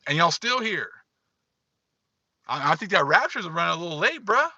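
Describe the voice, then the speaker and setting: A man's voice: fairly high pitch, big pitch swings, moderate pace, bright, forceful tone, no echo, lo-fi sound. A man giving casual livestream commentary, emphatic and repetitive, talking straight to his viewers. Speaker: online commentator.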